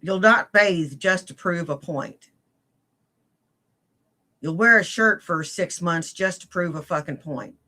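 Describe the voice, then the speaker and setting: A woman's voice: on the low side, slow pace, long pauses, sharp tone. A woman in a played clip, ranting furiously and cursing heavily as she accuses someone. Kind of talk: angry profane rant.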